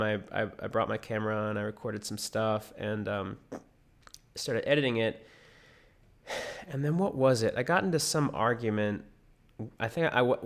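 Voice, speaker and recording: A man's voice: lowish voice, fairly bright tone. Rambling young man telling his story. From United States. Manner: rambling with many fillers and restarts. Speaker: vlogger. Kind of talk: casual storytelling.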